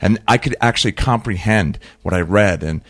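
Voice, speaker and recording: Animated man telling stories. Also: lowish voice, moderate pace. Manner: animated storyteller who acts out quoted dialogue; repeats and restarts words when excited. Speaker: podcast guest. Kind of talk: casual conversation.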